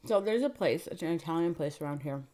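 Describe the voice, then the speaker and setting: A woman's voice: low voice, animated, quick pace, dark tone. A young woman telling a story in casual vlog chat, full of fillers and acted-out quotes. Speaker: mukbang vlogger.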